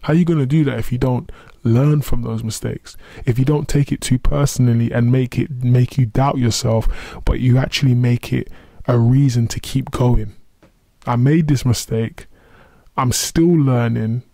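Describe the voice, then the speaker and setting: A man with a warm, mellow voice hosts a solo motivational podcast. He speaks earnestly and conversationally, with self-deprecating asides, and his voice sounds dry and close with no room echo. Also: mid-range voice, steady tone, normal speed, creaky. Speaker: podcast host.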